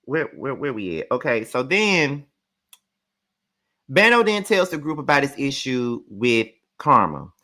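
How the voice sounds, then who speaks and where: A man's voice: medium pitch, sharp tone. A man from Mississippi, recapping a reality show in sassy, profane, emphatic rants. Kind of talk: casual ranting commentary.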